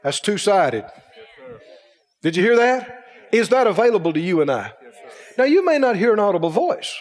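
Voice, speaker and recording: A man preaches with a high, lively voice that swoops up and down, asking questions and acting out the people he quotes. The sermon rings with long hall reverb. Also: moderate pace. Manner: animated, acts out quoted voices, rhetorical questions.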